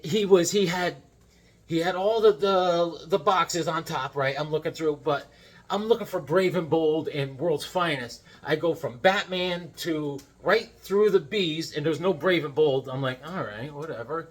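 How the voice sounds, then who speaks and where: A middle-aged man vlogging about comic books in a casual, rambling way, full of restarts and animated retellings. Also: on the high side, a little slow, husky. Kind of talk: casual chat.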